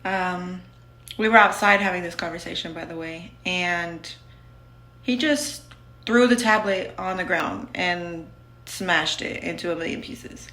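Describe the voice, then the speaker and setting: A woman's voice: lowish voice, a little slow, bright, forceful tone, reverberant. A woman telling her own story in a casual, candid, blunt way, full of "like". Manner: candid and blunt, with many fillers of "like".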